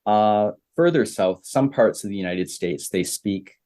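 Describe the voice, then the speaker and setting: A Canadian man teaching beginner English, repeating simple phrases with many pauses. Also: on the low side, mellow. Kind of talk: slow, simple explaining for beginner learners.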